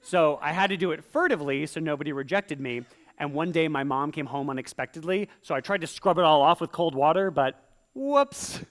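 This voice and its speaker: A performer doing stand-up comedy in rhyme on a live stage, talking in a playful, theatrical way. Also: male voice, a little high. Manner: playful, theatrical, quick vocal impressions.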